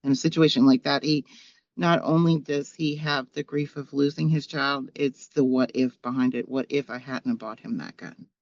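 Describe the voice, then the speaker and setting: A woman gently telling how advice from a friend helped her through grief. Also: very deep voice, fairly even intonation, moderate pace, no echo. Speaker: guest. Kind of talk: emotional personal conversation. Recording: dull, dry sound.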